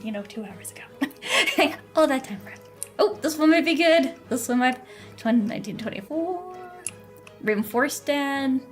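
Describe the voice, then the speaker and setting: A woman game streamer chatting casually with her viewers and teammate while she plays, bubbly and full of fillers and frequent laughter. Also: on the high side. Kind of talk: casual live-stream chat while gaming.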